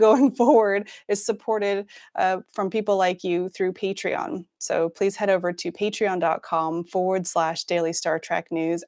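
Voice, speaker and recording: A woman's voice: medium pitch, vocal fry, a little mellow. Chatty woman hosting a livestream. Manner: chatty, laughs often, many fillers and restarts. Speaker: news show host. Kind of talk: casual livestream chat.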